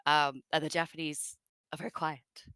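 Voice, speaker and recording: A woman's voice: sits low, flat delivery, moderate pace, sharp tone, clean tone, dry recording. A woman with an Australian accent, a guest in an interview, chatting casually with many fillers and laughs.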